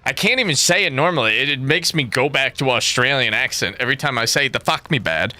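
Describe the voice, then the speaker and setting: A man's voice: mid-range voice, fast talker, bright, forceful tone, no room sound. A young man streaming a game, chatting casually with viewers in a rambling, profane way that keeps breaking into laughter. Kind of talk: casual livestream chat.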